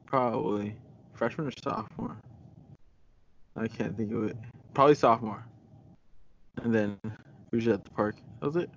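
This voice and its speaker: A man's voice: on the low side, steady tone, moderate pace, creaky, pauses often, highs cut off, a little hiss or hum. A young man co-hosting a podcast, chatting casually with lots of laughter and fillers. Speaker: podcast co-host. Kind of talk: casual chat.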